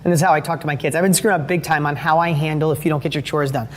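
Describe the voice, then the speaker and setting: A middle-aged motivational speaker with a high-pitched voice tells family stories earnestly, often restarting and correcting himself. His tone stays steady while he races along, and there's a slight hiss or hum in the background.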